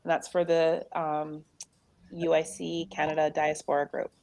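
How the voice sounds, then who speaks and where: Chatty woman host for a casual livestream, a bit low-pitched, dry and close. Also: monotone, darkish tone, no room sound. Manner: chatty, reads numbers out slowly. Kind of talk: casual chat.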